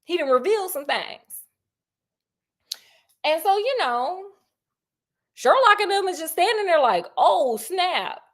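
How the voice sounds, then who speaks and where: A woman storyteller retelling a classic mystery in an animated, slangy way, asking her listeners questions. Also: very high voice, a little slow, long pauses.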